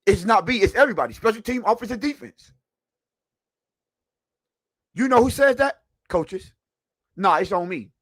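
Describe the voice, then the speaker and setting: Emphatic high-voiced man ranting about sports. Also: lively intonation, moderate pace, pauses often, no room sound. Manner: preachy, emphatic, rhetorical questions, slips into shouting. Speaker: sports show host. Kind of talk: heated sports talk.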